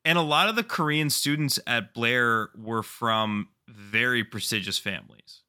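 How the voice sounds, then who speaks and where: A man with a very bright, sharp, mid-range voice talks a little slowly as he co-hosts a podcast. He swaps stories in loose, casual chat, full of lively energy, cursing freely and laughing as he goes.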